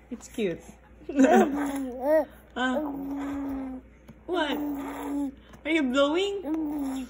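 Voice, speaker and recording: A woman's voice: sits high, background noise. A young mother talking to her baby at home over lunch, in sing-song baby talk with frequent laughter. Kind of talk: baby talk while feeding.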